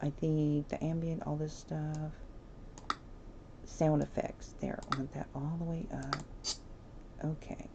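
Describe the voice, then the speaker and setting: A woman streaming a life-sim game, chatty and giggly, talking straight to her viewers, over steady background noise. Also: low-pitched, slow pace, gravelly, pauses often, lo-fi sound. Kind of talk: casual gameplay commentary.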